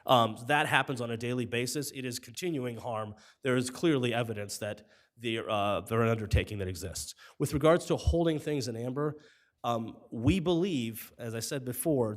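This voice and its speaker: A man arguing as an attorney in a courtroom, formal and measured, his voice wearing thin. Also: mid-range voice. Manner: formal, measured, apologetic when interrupted. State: voice giving out. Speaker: appellate attorney. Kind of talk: courtroom oral argument. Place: appellate courtroom.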